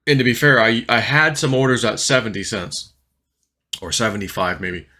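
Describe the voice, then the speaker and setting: Bright-voiced rambling man vlogger. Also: mid-range voice, moderate pace. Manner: rambling, filler-heavy, restless talk. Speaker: crypto vlogger. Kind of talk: casual storytelling monologue.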